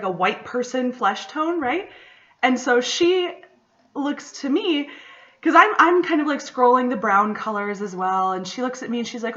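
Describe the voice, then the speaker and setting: A woman's voice: fairly high pitch, a bit bright, muffled recording. Chatty young woman. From Michigan, USA. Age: 20s. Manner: chatty storyteller, lots of "like" and "you know". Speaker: podcast host. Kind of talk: casual solo podcast chat.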